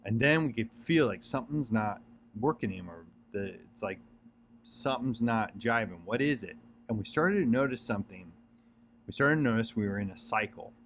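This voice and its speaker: Earnest low-voiced man giving pep talk. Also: expressive, normal speed, a bit bright, slight background noise. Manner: earnest, repetitive, many fillers and restarts. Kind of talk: casual motivational monologue.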